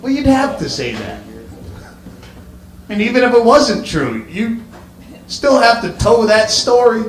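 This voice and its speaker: A man's voice: extremely high pitch, big pitch swings, unhurried, long pauses, roomy sound, faint music behind. A male stand-up comedian on stage, ranting sardonically and swearing freely into a handheld mic.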